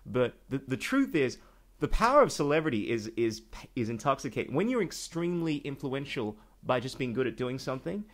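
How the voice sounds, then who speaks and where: A man hosts a relaxed podcast conversation in a mid-range voice. He is chatty and joking, and he laughs easily as he talks. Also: mid-range voice. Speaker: podcast host. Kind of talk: casual conversational interview.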